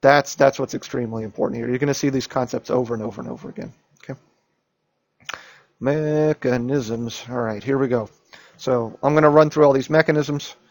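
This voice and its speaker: A man's voice: medium pitch, fairly quick, dry recording. A man teaching chemistry, going over an exam and driving points home by repeating them and checking in with "okay?" and "right?". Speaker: chemistry instructor. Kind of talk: lecture reviewing an exam.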